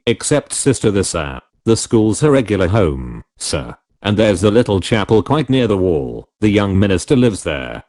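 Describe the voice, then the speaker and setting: A man voicing a solemn, deferential male manservant with a slight Irish accent and smooth, formal speech. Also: on the low side, darkish tone. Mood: quiet. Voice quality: smooth, liquid tones. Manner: formal, measured, says sir often.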